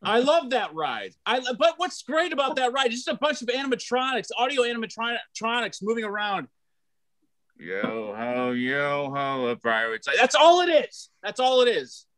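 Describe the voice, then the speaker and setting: A middle-aged man performing a stand-up set, loud and animated, self-mocking, stumbling over restarts. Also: very high voice, brisk, hardly any pauses, no room sound. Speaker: stand-up comedian.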